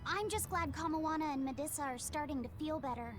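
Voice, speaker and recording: An actress playing a thoughtful, gentle young boy in a video game. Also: high-pitched, fast, music in the background, natural voice.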